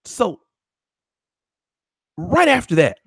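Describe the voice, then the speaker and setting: A man telling a profane comedic story to his stream in animated, slangy talk. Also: high voice, drawn-out words, slightly rough, no echo, studio quality.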